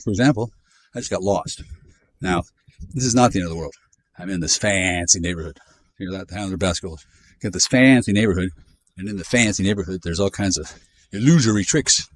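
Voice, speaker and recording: Low-voiced man in his fifties, sardonic profane vlogger on a walk, jumpy delivery. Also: dry recording. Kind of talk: rambling monologue while walking. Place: outdoors in a neighborhood.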